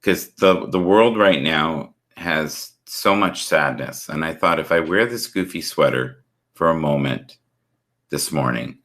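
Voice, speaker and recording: A man's voice: rumbling low, unhurried, fairly bright tone. A man hosting a live stream, chatting earnestly about forgiveness, love and spirit over a video call. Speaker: livestream host. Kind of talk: casual chat.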